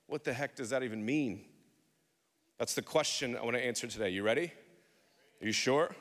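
A man's voice: mid-range voice, brisk, fairly bright tone. A man preaching a sermon, telling a funny story and calling out to his congregation to respond. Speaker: pastor. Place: church sanctuary. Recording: reverberant church hall.

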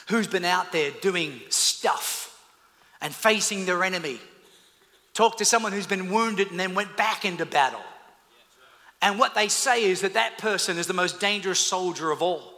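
Male preacher, very bright and ringing, dramatic storyteller, in a big echoey room. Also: high-pitched. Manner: storytelling, swings from loud to quiet. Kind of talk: sermon. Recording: echoey hall.

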